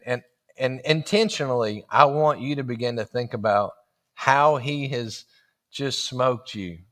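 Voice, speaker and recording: A man, preaching through a folksy, animated story and acting out the dialogue. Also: medium pitch. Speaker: guest preacher. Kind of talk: storytelling sermon.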